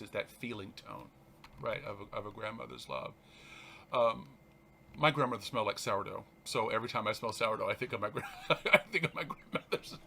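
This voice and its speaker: A man, a reverend hosting his show, reads a spiritual text aloud and comments on it in an animated, halting way, often restarting and laughing. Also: mid-range voice, slight background noise.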